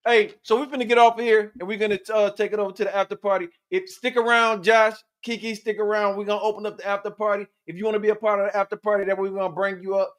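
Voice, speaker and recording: A man with a high, bright-sounding voice hosting a casual podcast chat. He talks loud and animated, swearing freely. He sounds like he's leading the show. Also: fast talker, few pauses, clean tone. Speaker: podcast host.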